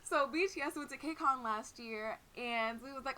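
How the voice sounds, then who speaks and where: A young woman co-hosting a casual podcast, telling stories in an animated, laughing, profane way. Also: high voice, normal speed. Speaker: podcast co-host.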